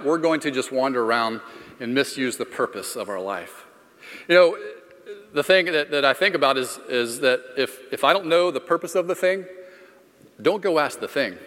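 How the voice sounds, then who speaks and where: A man's voice: a little high, expressive, fairly quick, fairly bright tone. A middle-aged man from Florida preaching a sermon, telling a personal story in a conversational, self-deprecating way. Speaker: pastor. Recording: long hall reverb.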